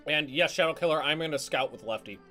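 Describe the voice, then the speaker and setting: A man giving live commentary on a strategy game, talking in halting restarts with casual swearing and barking quick orders to his units. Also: a little high, sharp tone, soft background music. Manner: barks quick orders to units, voice jumps up when alarmed. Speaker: streamer.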